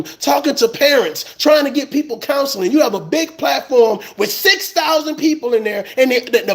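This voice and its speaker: A man's voice: very high voice, a bit bright. A man in a fired-up, profane rant, repeating words when he gets heated. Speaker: commentator. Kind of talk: impassioned rant.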